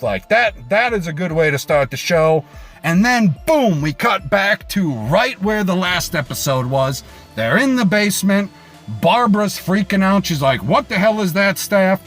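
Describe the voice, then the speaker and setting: A man hosting a reaction video, recapping an episode casually with swearing and lively pitch swings. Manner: animated, swings pitch for emphasis.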